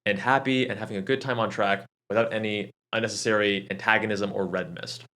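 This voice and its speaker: A man narrating track-day footage, calmly breaking down his driving and drawing lessons step by step. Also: lowish voice, brisk. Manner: calm, analytical, explains driving lessons step by step. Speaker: channel host and track driver. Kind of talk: track-day video commentary. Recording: car engine noise behind the voice.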